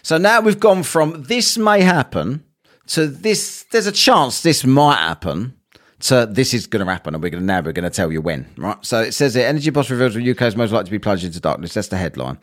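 A man's voice: mid-range voice, expressive, fairly quick, fairly bright tone. A young man telling a ranting story with lots of swearing, acting out both sides of a quarrel.

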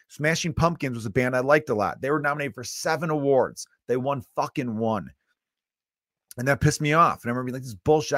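A man's voice: medium pitch, fairly bright tone, dry recording, studio quality. A man in his thirties hosting a solo comedy podcast, ranting bluntly with lots of swearing. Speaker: podcast host.

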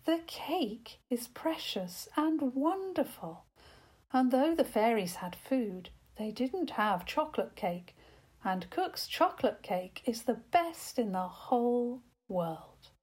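A woman doing an excited storybook hare. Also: a little high, takes it slowly, breathy edge, pitched above the performer's own voice, full character voice. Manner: eager, breathless delivery. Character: excitable female hare, a child's animal friend.

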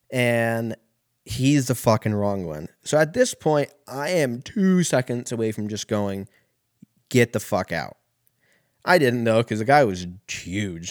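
A man's voice: on the low side, a little mellow, no echo, clean studio sound. A man in his thirties telling a casual, rambling, profane story as a podcast host.

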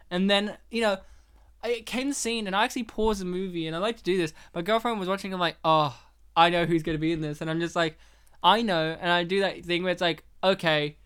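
A man hosting a casual movie commentary chat, animated and laughing often as he acts out scenes. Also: high voice, smooth. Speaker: podcast host.

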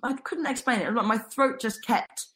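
A woman's voice: on the high side, normal speed, pushed and bright, poor audio. A woman earnestly telling a personal story in conversation, candid and sometimes restarting her sentences.

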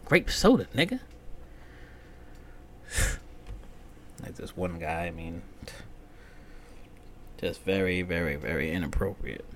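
A man hosting a solo comedy podcast, ranting profanely and swinging from loud outbursts to muttered whispered asides. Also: low-pitched, slow pace, pauses often, a little hiss or hum. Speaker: podcast host.

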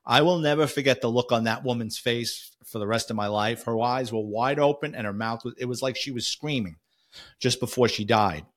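A man with a New York accent, a former police officer telling a vivid first-person story in a conversational, halting way. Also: mid-range voice, a bit bright.

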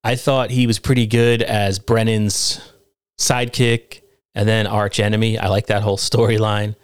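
A man's voice: flat delivery, moderate pace, smooth, dry recording, clean studio sound. Rambling man ranting about comedy. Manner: rambling, climbs into incredulous high-pitched rants. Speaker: podcast host reviewing comedy. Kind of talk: casual podcast commentary.

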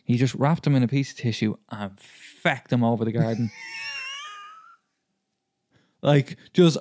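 A man's voice: medium pitch, unhurried, pauses often. A man co-hosting a podcast, telling stories in casual banter and laughing often. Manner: laughs often, animated storytelling. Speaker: podcast co-host.

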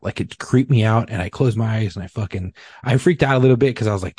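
A lower-voiced middle-aged man with a husky edge, spinning a long, rambling story full of swearing. His voice is close and dry, with no room sound around it. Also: normal speed, a little mellow, dry recording. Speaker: podcast co-host. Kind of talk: casual storytelling chat.

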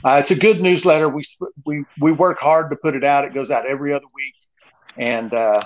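A man in casual podcast chat, talking things through in a steady, earnest manner. His voice sits at an ordinary middle pitch. It comes through earbuds on a muffled, lo-fi line. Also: fairly quick, a little hiss or hum. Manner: explains at length in a steady, earnest way. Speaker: podcast co-host. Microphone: earbuds mic. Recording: muffled lo-fi call audio.

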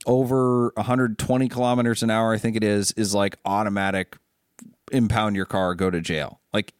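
A man's voice: on the low side, no echo, clean studio sound. A man hosting a casual car show, chatting loosely and stammering through his restarts. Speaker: show host and car dealer.

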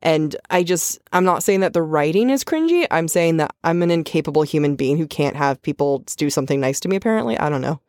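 A woman with a Californian accent co-hosts a casual book podcast and keeps the talk playful with self-deprecating asides. Her voice sits on the low side for a woman. It is recorded close and dry, with no room around it. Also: lively intonation, fast, hardly any pauses, darkish tone, no room sound. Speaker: podcast co-host.

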